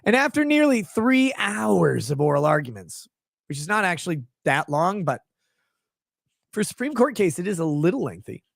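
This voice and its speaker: A man with a high-pitched voice hosts a commentary show, reading news and cutting in with mocking, profane asides. He sounds close to the mic in a dry, dead room. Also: big pitch swings, normal speed, creaky, dry recording. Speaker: legal commentary show host.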